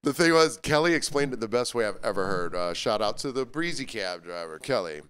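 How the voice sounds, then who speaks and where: Man, podcast co-host, casual storytelling, does impressions, smooth clear voice. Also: mid-range voice, expressive, a little fast, fairly bright tone. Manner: storytelling, mimics people. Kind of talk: casual chat.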